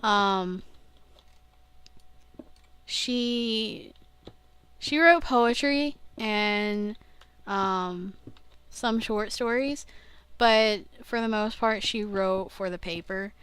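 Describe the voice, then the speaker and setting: Brief: young woman, slow unhurried talker, smooth clear voice, self-interrupting video-diary chatter. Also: mid-range voice, a bit bright, no echo. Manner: rambling, self-interrupting, laughs at herself, swears casually. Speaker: vlogger. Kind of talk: casual rambling video diary.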